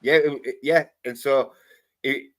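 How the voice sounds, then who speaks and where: A man's voice: medium pitch, steady tone, measured pace. A man with a Scottish accent, a panel guest in casual chat, rambling and swearing freely as he talks.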